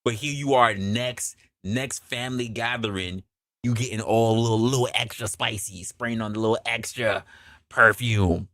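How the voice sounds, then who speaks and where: A man hosting a comedy opinion podcast, talking in a loud, profane, animated way and acting out scenes. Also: mid-range voice, moderate pace, dry recording, clean studio sound. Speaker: podcast host.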